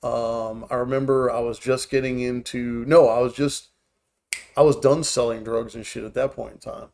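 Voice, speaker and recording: A man's voice: mid-range voice, fairly even intonation, moderate pace, gravelly, darkish tone. A man in his forties hosting a podcast, telling a story in loose, profane, rambling talk. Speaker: podcast host. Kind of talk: casual chat.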